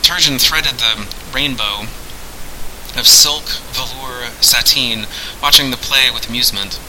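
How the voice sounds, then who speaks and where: A man narrating a fantasy story aloud in a measured, dramatic way. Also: mid-range voice, bright, forceful tone, slight background noise, low-quality recording.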